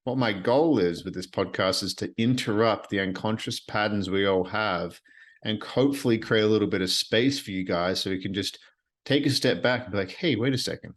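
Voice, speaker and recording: A man's voice: lowish voice, moderate pace. A man hosting his own podcast at night from his apartment, talking alone in an earnest, rambling way that often repeats phrases. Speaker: podcast host. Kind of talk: solo reflective podcast monologue.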